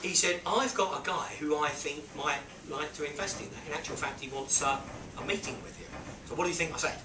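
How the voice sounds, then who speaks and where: A man with a slightly high voice tells a business story to a small group, acting out voices and sound effects with lively energy. He sounds some distance from the mic in a roomy, echoing space, with steady background noise. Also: brisk. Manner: animated, acts out quotes and beeping sounds. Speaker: business mentor. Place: on a boat.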